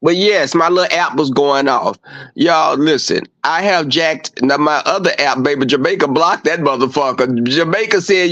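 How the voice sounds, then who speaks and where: A man with a fairly high pitch and normal speaking speed hosts a livestream, chatting casually and profanely with viewers. His storytelling is animated, with quoted exchanges acted out, and the audio is dull and lo-fi.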